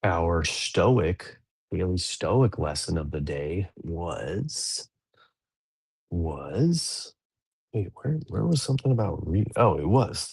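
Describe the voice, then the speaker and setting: A man's voice: sits low, darkish tone, breathy edge, no echo. A man in his thirties hosting a dads' podcast, talking through a daily reading in a rambling, self-correcting way. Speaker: podcast host. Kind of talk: casual reflective chat.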